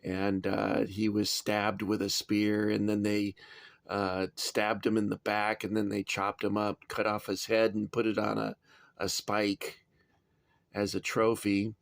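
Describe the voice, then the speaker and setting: A man reviewing his toy soldier collection in a casual, chatty way, often pausing with "uh" and adding dry asides. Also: lowish voice, monotone, vocal fry, dry recording. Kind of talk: casual show-and-tell review.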